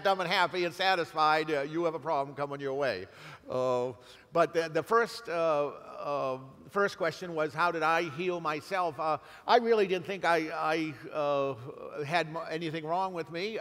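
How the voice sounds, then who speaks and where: A man's voice: on the high side, fairly bright tone. Middle-aged New England man in a big hall. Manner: halting, many fillers and restarts. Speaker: guest speaker. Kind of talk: speech to an audience. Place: large hall. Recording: long reverb of a hall.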